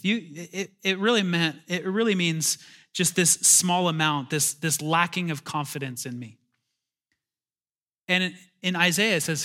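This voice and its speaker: Male pastor with a fairly high voice, casual and animated, restarts often, preaching in church. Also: moderate pace. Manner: conversational, animated, self-interrupting, chuckling asides. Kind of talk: sermon.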